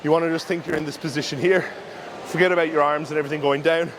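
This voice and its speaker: A man giving casual, instructive commentary during his own gym workout, talking through form cues in a relaxed way. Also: a little high, fast, background noise. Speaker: bodybuilder and coach. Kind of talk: casual training vlog commentary.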